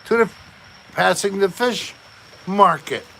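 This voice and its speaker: A man hosting a casual live stream, chatting slowly and joking while reading out viewer comments. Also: high-pitched, vocal fry, sharp tone. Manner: slow, joking, reads chat aloud. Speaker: livestream host.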